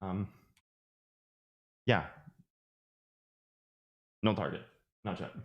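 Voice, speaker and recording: Irish man, deep voice, chatty, rambling, self-mocking, live chart commentary. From Ireland. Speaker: trading streamer.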